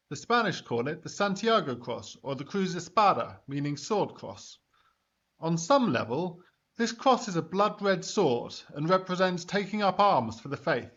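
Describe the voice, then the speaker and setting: A man with a somewhat high voice presents a history explainer, dry and skeptical in manner. The sound is a little dull and lo-fi. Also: a bit bright. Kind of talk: narrated history explainer with comic dialogue.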